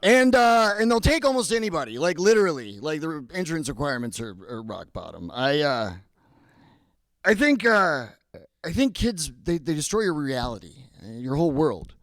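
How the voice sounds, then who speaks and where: A man's voice: fairly high pitch, big pitch swings, moderate pace, fairly bright tone, no echo. A man in his thirties doing a stand-up set, self-deprecating and stammering into his punchlines. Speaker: stand-up comedian. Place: comedy club stage.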